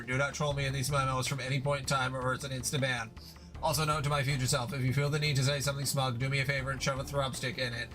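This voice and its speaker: A man's voice: mid-range voice, natural voice. A man playing an irritable young male troll leader, ranting and swearing in a fan audio reading of a chat log. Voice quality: profane, ranting.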